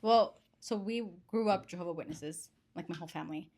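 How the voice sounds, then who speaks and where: A young woman co-hosting a casual chat, talking openly about feelings with lots of "like" and quick asides. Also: lowish voice, darkish tone. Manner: quick, chatty, lots of "like" fillers. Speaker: podcast co-host.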